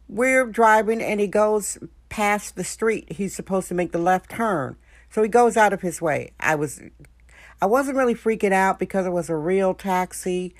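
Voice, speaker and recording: Frank low-voiced woman podcast host. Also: no room sound, clean studio sound. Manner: chatty, frank, addresses listeners directly. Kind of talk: casual storytelling monologue. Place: San Francisco.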